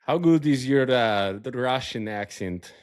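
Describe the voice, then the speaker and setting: A man's voice: medium pitch, expressive, a little slow, clean tone. A young man hosting a casual podcast, teasing his guest with crude jokes and frequent laughter. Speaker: podcast host. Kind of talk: casual chat.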